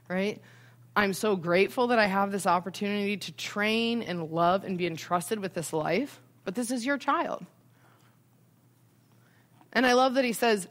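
A woman's voice: mid-range voice, expressive, moderate pace. A young adult woman giving a casual Christian parenting talk in a conversational way, often checking in with "right?".

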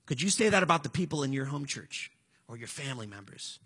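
A man's voice: mid-range voice, very animated, fast talker, pushed and bright, breathy edge. A man in his forties preaching a sermon in a conversational, storytelling way, earnest and direct. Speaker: pastor.

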